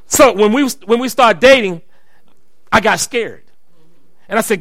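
A middle-aged pastor preaching to his church. His voice is high and sharply bright. He tells stories, then climbs into loud, shouted preaching, and the sound is dry and close. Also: expressive, a little slow, pauses often, no echo. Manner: storytelling, rising to shouted preaching. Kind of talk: sermon.

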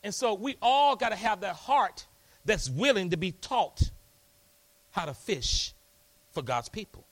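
A man preaching in a church, his voice fairly high for a man and swinging widely from booming peaks to hushed lows. He talks in a folksy, rousing style and keeps calling back to the congregation. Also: expressive, a little slow, long pauses. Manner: folksy, rousing, call-and-response. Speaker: pastor. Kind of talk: lively sermon. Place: church hall.

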